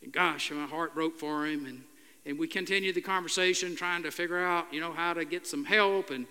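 An older male pastor preaches with a raised, bright, forceful voice. He tells stories in a halting, earnest way full of "uh" fillers. His words ring out with the long reverb of a large church hall. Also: on the high side, fairly even intonation, smooth. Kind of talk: sermon.

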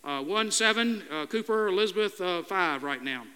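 An older man, a pastor, preaching a sermon in a halting, earnest storytelling way with many "uh" fillers. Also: high-pitched, lively intonation, bright, forceful tone, clean tone. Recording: long hall reverb.

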